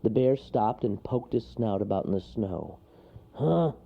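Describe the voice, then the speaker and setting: A man reads a children's storybook aloud in an expressive way. His voice is low and gravelly with a lively pitch. The recording is dull and lo-fi. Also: moderate pace.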